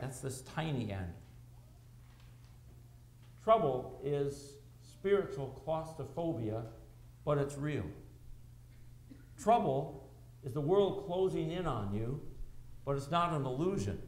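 A middle-aged man preaching a sermon as pastor, with animated delivery, rhetorical questions and dramatic pauses. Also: on the high side, gravelly. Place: church sanctuary. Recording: roomy church echo.

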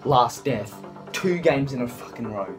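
This is a man talking through his own gameplay, his voice sitting at an ordinary middle pitch. He swears nearly every sentence and rants with frustration at his teammates and opponents. Loud game music and effects play behind him. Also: expressive, measured pace. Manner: swears constantly, frustrated ranting. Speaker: gamer. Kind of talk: gameplay commentary. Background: game music and sound effects.

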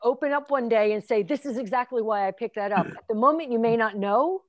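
A woman's voice: a little high, fairly quick, no echo, clean studio sound. A woman film instructor speaking in casual conversation, reflective and encouraging.

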